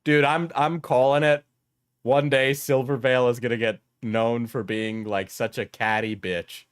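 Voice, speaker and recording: A man's voice: mid-range voice, fairly even intonation, unhurried, clear, resonant tone. A man streaming casual reaction commentary, sarcastic and crude, often laughing as he talks.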